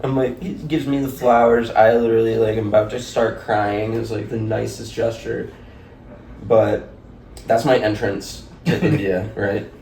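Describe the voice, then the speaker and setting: A young man with a low, gravelly voice spins a rambling, laugh-filled story, leaning on "like" every few words. He sounds set back from the mic in an echoey room, with a faint hiss underneath. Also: level tone, a little slow, a little mellow, recorded from a distance. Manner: rambling, laughing, heavy use of "like". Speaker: podcast guest. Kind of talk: casual storytelling.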